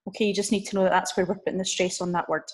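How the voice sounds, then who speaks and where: A woman teacher giving a recorded online lesson, drilling numbers slowly and checking in with "okay?" as she explains. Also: mid-range voice, little pitch movement. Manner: slow, drawn-out drill of numbers with frequent "okay?" check-ins. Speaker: language teacher.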